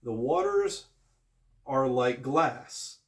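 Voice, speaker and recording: A man's voice: mid-range voice, expressive, very slow. A man giving a casual video Bible lesson, conversational and emphatic, often repeating phrases as he explains. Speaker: Bible teacher. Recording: echoey room.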